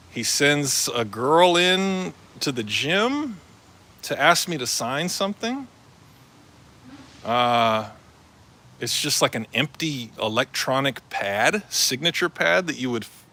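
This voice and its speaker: A man with a bright, forceful voice rambles through a casual live-stream monologue. He talks loosely, full of fillers, restarts and slang. His pitch sits in a middle range for a man. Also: big pitch swings, measured pace.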